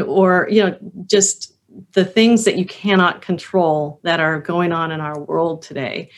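A woman hosting an interview who asks thoughtful, probing questions and reflects on the answers. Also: mid-range voice. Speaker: interview host. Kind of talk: conversational interview.

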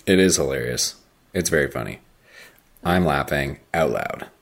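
A man's voice: rumbling low, lively intonation, normal speed, creaky. A young man co-hosting a casual chat, rambling with many fillers and dry jokes. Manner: rambling, filler-heavy, joking. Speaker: podcast co-host.

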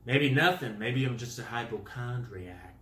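Goofy guy ranting to camera, pitch jumping all over, echoey room. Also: unhurried, slight background noise. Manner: animated, goofy exaggeration, made-up words. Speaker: vlogger. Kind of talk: comic storytelling rant.

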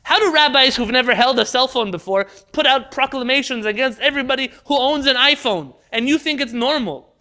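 A very high-pitched male voice leads a Torah class, his fervent lecture shifting from loud, rhetorical questioning to soft, intense pleading.

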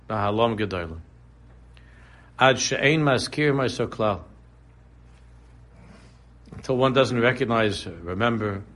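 A man's voice: fairly low pitch, a bit bright. A man teaching a casual religious class, talking conversationally, repeating phrases and drifting into humorous examples. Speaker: Torah teacher.

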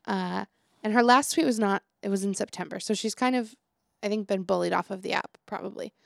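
This clean studio recording, free of echo, features a mid-range female voice that moves fairly quickly with some vocal fry. The young podcast co-host, also a teacher, tells stories in a chatty way, acting out quotes and laughing frequently.

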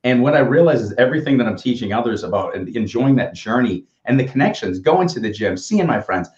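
Animated and fast, this fifty-something co-host has a medium-pitched, slightly mellow voice. He tells upbeat motivational stories on a casual livestream chat, and the lo-fi audio is echoey and dull.

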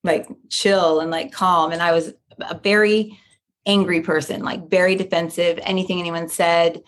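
A woman's voice: fairly low pitch, flat delivery, normal speed, slight background noise. Chatty woman telling a personal story. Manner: chatty, lots of "like" and "you know", acts out quotes. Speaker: guest. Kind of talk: storytelling in a casual interview.

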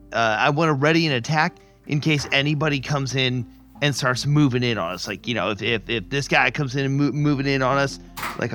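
A man's voice: medium pitch, bright, forceful tone. A man playing a tabletop game, thinking aloud hesitantly about his next move. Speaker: player. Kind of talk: casual game talk.

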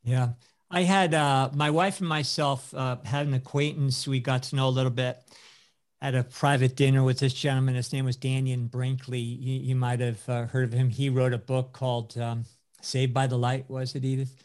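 A man's voice: medium pitch, level tone, moderate pace. Rambling man telling a long story. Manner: rambling, many fillers and restarts. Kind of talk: casual storytelling talk.

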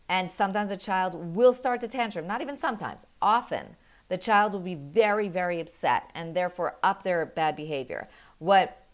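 A woman's voice: lowish voice, clear, resonant tone. Earnest mother explaining parenting. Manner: earnest, animated storytelling with quick laughs. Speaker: parenting guest. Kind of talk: conversational explaining.

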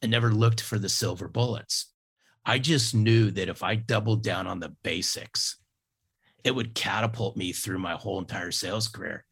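Very low and gravelly with a husky edge, this man in his fifties recounts stories in an interview at a moderate pace, his tone a bit bright. Like a seasoned sales coach, he keeps repeating key phrases for emphasis.

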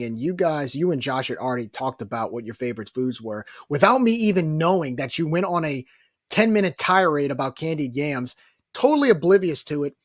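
A man from New Orleans, co-hosting a casual sports podcast and telling stories in an animated, joking way. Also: mid-range voice, no room sound, studio quality. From New Orleans, Louisiana. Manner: animated, jokey storyteller. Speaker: podcast co-host.

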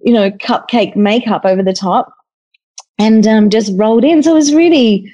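A woman in casual podcast chat over a video call, telling stories in a chatty, expressive way. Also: on the high side, normal speed, low-quality recording. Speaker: guest cook and author.

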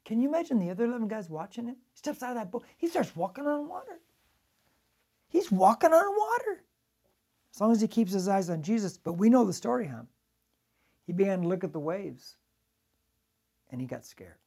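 A male pastor preaching a sermon, telling the story dramatically and swinging from loud to hushed. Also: high voice, big pitch swings, fairly quick, pauses often, slightly rough.

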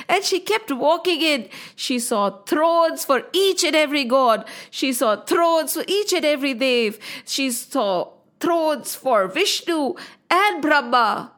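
High-voiced woman telling a myth. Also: slow pace. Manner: expressive, exclaiming. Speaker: storyteller. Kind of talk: oral storytelling of a myth.

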